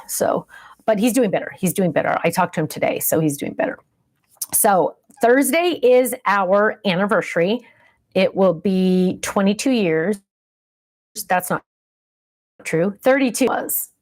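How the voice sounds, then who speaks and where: A woman in her fifties hosting a casual craft livestream chat, rambling and easily sidetracked, with many ums. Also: mid-range voice.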